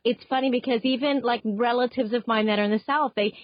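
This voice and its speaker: A woman's voice: on the high side, steady tone, fast, no echo, lo-fi sound. A woman in her thirties hosting a food podcast, chatting with a guest in a gushing, easy-laughing manner. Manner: warm, gushing, laughs easily. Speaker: podcast host. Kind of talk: interview chat and scripted intro.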